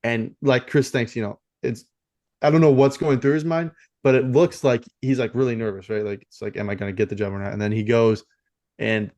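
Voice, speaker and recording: A man's voice: mid-range voice, fairly even intonation, moderate pace, dark tone. A man co-hosting a film podcast, talking casually and rambling with many fillers and restarts. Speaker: podcast co-host.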